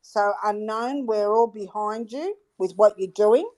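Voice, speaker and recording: A woman's voice: mid-range voice, measured pace, darkish tone. A woman speaking up in an online audio chat room, talking in an earnest, hesitant way with fillers, over a phone mic. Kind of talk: casual chat.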